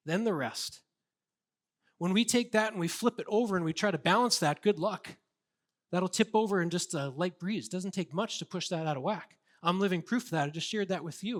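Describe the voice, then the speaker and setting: Guy with a pretty high voice preaching, earnest but loose and chatty. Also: a bit bright. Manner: conversational, earnest preaching with casual fillers. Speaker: pastor. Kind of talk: sermon.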